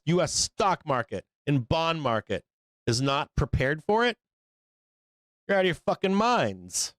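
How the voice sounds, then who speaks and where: A man's voice: medium pitch, no echo. A man hosting a live stock market show, talking in a blunt, profane, rambling way. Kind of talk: casual market commentary.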